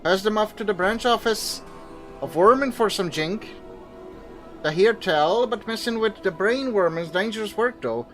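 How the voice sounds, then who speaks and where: A man voicing a gruff male slum local who drawls folksy talk in a put-on accent. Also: sits high, normal speed, fairly bright tone, soft background music, pitched above the performer's own voice. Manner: drawling, folksy, says aye.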